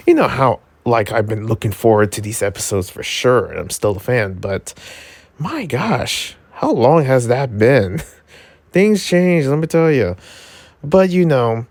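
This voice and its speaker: A man giving a casual episode review, excitable and rambling, full of filler words and jokes. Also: no room sound. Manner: jokey, yelps into high pitch.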